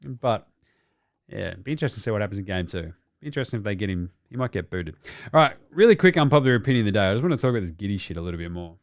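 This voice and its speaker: A man's voice: lowish voice, sing-song, rapid-fire, no room sound, studio quality. A man with an Australian accent hosting a casual basketball show, ranting with a lot of swearing. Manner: profane, ranting. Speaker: host.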